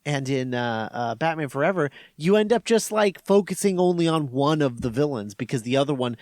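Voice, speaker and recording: A man's voice: on the high side, animated, brisk, darkish tone, no room sound, studio quality. A man speaking as a guest on a podcast in casual chat, hesitant and full of restarts. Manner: hesitant, many restarts and fillers.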